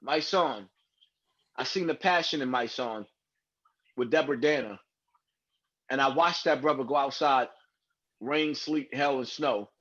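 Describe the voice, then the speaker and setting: A man's voice: medium pitch, a little slow, long pauses, a bit bright, dull audio. A man speaking as a guest on a live stream, earnest and rambling, over video-call audio.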